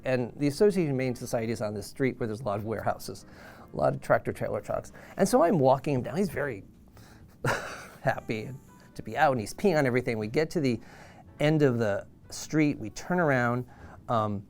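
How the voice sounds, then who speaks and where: A man in his sixties, an animal trainer, telling an anecdote in an animated way and acting out the voices of the people in it. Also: medium pitch. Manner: animated, acts out quoted voices. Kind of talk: storytelling anecdote.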